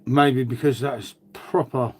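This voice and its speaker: A man's voice: medium pitch, fairly even intonation, slow pace, breathy edge. A man chatting casually on a live stream, rambling and swearing now and then. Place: outdoors.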